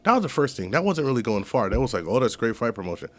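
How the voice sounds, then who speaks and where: Animated man telling profane stories. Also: mid-range voice, very fast. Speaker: guest. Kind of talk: casual podcast chat.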